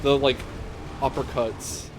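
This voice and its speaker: Playing a game on a live stream, a young man chats in a loose, foul-mouthed, giggly way. He has a medium-pitched voice with fairly even intonation and takes his time, and there's background noise along with game music clearly behind his voice.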